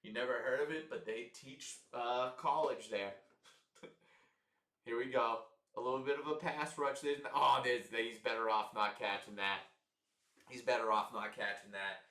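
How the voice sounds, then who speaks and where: A young man giving casual live football commentary on a stream, frustrated and swearing, with sudden loud outbursts. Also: mid-range voice, steady tone, a little slow, echoey room, recorded from a distance. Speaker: livestream commentator.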